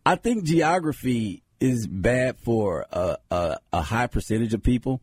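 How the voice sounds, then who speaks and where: A man's voice: mid-range voice, animated, a little slow, a little mellow, husky, no echo, clean studio sound. An American man in his forties, co-hosting a casual podcast, who tells jokey stories and slips into mock voices. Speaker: co-host.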